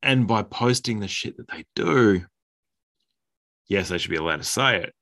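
A man's voice: lowish voice, lively intonation, normal speed, fairly bright tone. A man making blunt, opinionated points in a casual podcast chat, swearing now and then. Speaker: podcast co-host.

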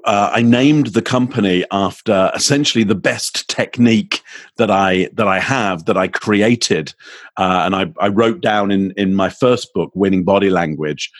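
A man's voice: on the low side, a little slow, no room sound. A man being interviewed as a communications expert, explaining his ideas and demonstrating tones with his own voice. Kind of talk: podcast interview.

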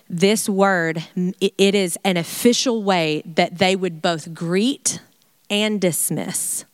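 Animated woman teaching a Bible study. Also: fairly low pitch, clean tone, no room sound. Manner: animated and chatty, with laughs and playful asides.

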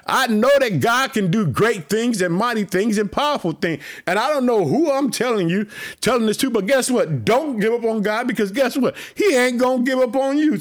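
A man preaching to his podcast listeners as pastor, excited and repetitive. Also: extremely high pitch. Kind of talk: podcast sermon.

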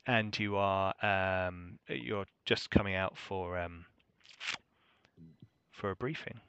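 A man's voice: sits low, fairly even intonation, takes it slowly, a bit bright, smooth, muffled recording. A man, narrating a tabletop game as game master in a casual, rambling way with many ums.

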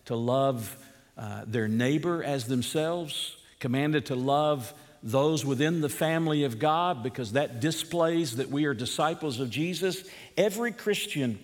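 A man with a middle-range voice preaches a sermon, leaning into each point with rising emphasis and frequent rhetorical questions to the congregation. His voice carries a long, hall-like reverb. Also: mid-range voice. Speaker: pastor.

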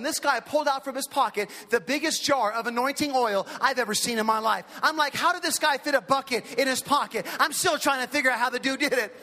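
A man in his forties preaching a lively storytelling sermon, acting out the people in his stories. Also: extremely high pitch. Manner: animated, impersonates characters in his stories. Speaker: pastor. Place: large hall with an audience. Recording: long hall reverb.

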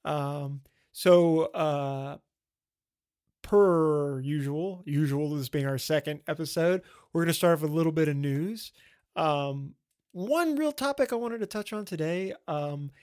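Eager man chatting about movies. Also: on the high side. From American South. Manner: enthusiastic, rambling with fillers. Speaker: podcast co-host. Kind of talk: casual film chat.

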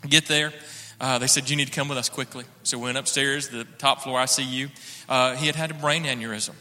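A man's voice: mid-range voice, fairly even intonation, a little fast, bright, forceful tone, in a large hall. A man sharing an earnest personal testimony in church, acting out the dialogue as he tells it. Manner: earnest storytelling, acts out dialogue.

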